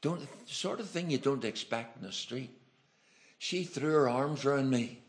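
A man's voice: medium pitch, normal speed. A man with an Irish accent preaching a sermon, telling folksy, humorous stories from his travels. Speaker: evangelist preacher. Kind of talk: storytelling sermon.

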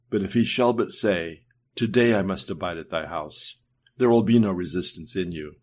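A man reading an old-fashioned sermon aloud, earnest and emphatic, slowing down to stress key phrases. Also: low voice. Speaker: preacher.

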